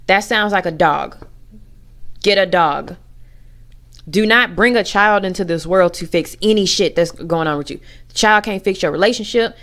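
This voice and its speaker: A woman's voice: medium pitch, normal speed, fairly bright tone. A woman giving a candid personal rant to camera, blunt and profane as she talks frankly about her own family. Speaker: vlogger.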